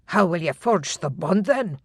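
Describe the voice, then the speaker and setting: A gruff Scottish clan chief, older and quick to take offence, blusters at every slight. The audiobook narrator puts him on with a slightly lowered, rougher tone. Recorded dry and close. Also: expressive, dry recording. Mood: indignant. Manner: blustering, defensive. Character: gruff older male Highland laird.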